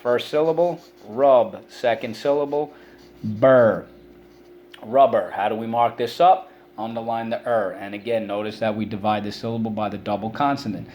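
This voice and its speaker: A man's voice: fairly low pitch, steady tone, a little fast, hardly any pauses, a little mellow, dull audio, a little hiss or hum. A middle-aged male teacher giving a spelling and vocabulary lesson to children, patiently explaining each word with many examples.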